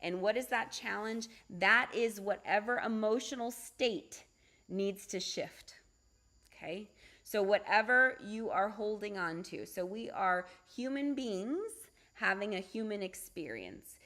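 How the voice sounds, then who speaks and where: A middle-aged woman, a holistic doctor, talking casually on a livestream, chatty and animated, often asking "right?" and laughing. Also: medium pitch, measured pace. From United States. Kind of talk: casual livestream talk with storytelling.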